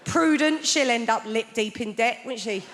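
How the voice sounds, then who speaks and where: On a theatre stage, a woman in her forties performs stand-up, telling stories in a dry, conversational style and slipping into mock voices. She speaks at a moderate pace with a fairly high pitch, and the recording has theatre reverb and noticeable background noise.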